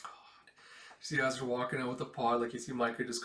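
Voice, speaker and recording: A man's voice: medium pitch, flat delivery, fairly quick, long pauses, a bit bright. Man narrating a comic read-along, casual and emotional, lots of fillers; roomy, distant mic. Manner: emotional, filler-heavy retelling. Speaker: comic reader.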